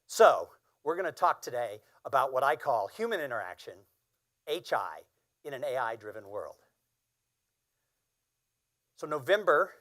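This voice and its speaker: A man's voice: medium pitch, fairly bright tone. Earnest man giving a keynote. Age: 50s. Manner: earnest personal storytelling, emphatic. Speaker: keynote speaker. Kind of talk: keynote speech.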